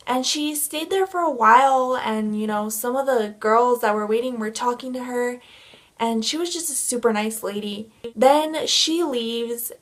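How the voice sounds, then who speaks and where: Young woman vlogger, excitable storyteller, a little high-pitched, casual chat. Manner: gushing, excitable fangirl storytelling.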